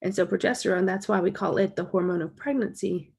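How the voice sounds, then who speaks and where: A woman's voice: medium pitch, fairly quick, creaky, a little mellow, breathy edge. A woman explaining a topic as a college lecturer in a recorded lecture, walking through slides and recapping key points.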